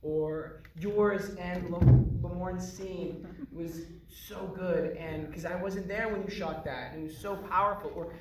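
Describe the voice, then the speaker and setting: Excitable actor in an echoey hall. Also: male voice, high voice, a little slow, hardly any pauses, far from the mic, slight background noise. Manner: excitable, laughing often. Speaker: actor on a panel. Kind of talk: animated storytelling at a Q&A.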